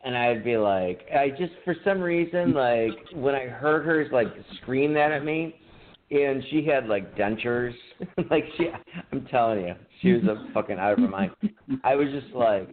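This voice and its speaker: A man's voice: mid-range voice, lively intonation, normal speed. A man co-hosting a podcast, telling rambling, profane stories in casual chat. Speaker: podcast co-host. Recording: tinny phone-like line with faint noise.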